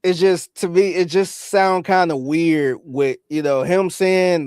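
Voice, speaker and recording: A man co-hosting a podcast, talking in a relaxed way and often acting out what others might say. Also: a little high, unhurried, few pauses, clear, resonant tone, no echo, studio quality. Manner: relaxed, acts out quotes. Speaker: podcast co-host. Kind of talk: casual podcast commentary.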